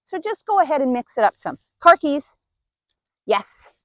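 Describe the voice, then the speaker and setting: A woman's voice: high-pitched, sing-song, normal speed, fairly bright tone, dry recording. A woman dog trainer patiently explaining each step while giving cues and praise to her dog. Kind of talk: instructional demonstration.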